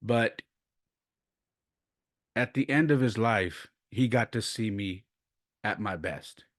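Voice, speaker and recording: A man in his forties, a podcast host, telling personal stories in a casual, animated way and going quiet and subdued in the heavier parts. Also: lowish voice, slow, no room sound, clean studio sound. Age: 40s. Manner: animated storyteller who acts out quoted voices; turns quiet and subdued when speaking of loss.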